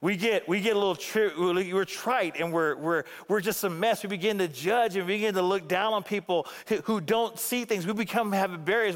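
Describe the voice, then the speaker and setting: A man with a notably high voice delivers an animated sermon, rising to emphatic peaks and dropping to hushed asides. His words ring out with a long reverb trailing through the sanctuary. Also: moderate pace, hardly any pauses. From Phoenix area. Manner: animated preaching with wide swings between emphatic and hushed. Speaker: pastor.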